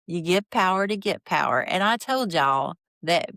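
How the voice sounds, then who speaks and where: A woman podcaster gives sarcastic, opinionated commentary on a reality show, and her low-pitched voice bursts into exasperation. She rattles off quotes at a quick clip. The sound is dry and close, with no room echo. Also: animated, a bit bright. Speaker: podcast host.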